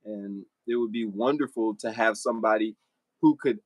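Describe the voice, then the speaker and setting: A young man streaming live, talking back to commenters in a blunt, animated way. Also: on the low side, moderate pace, no echo. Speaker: livestreamer. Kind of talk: casual livestream talk to commenters.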